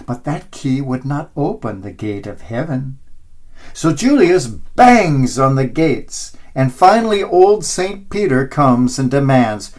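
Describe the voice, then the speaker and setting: Slow, expressive male preacher. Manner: slow, expressive storytelling with wide pitch swings. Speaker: priest. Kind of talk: sermon storytelling.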